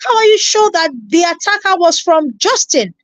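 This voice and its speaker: Nigerian lady streamer ranting, real high voice, dry close sound. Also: normal speed, no room sound. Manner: animated, scolding, repeats herself, greets viewers. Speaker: reaction streamer. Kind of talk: live-stream commentary.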